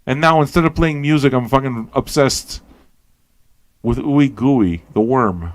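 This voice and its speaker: A man hosting a radio show, rambling and swearing as he questions everything aloud, tired and high. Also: measured pace, dry recording. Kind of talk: casual rambling talk to listeners.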